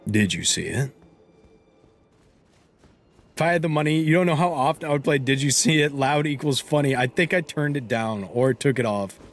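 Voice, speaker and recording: A man's voice: fairly high pitch, fast talker, few pauses, soft background music. A young man streaming a game live, chatting casually and rambling, breaking off mid-sentence and laughing often, with hiccups. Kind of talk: casual live-stream chat while gaming.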